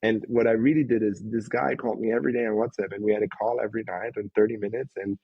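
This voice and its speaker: A man being interviewed as an investor, telling emotional, animated stories and acting out quotes. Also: on the low side, fast talker, husky, no echo, highs cut off. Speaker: guest investor. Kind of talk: candid interview talk.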